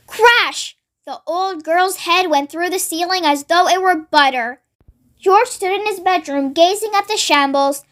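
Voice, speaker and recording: A read-along narrator reading a children's story aloud in a steady, expressive way, then signing off to viewers. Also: extremely high pitch, a little slow.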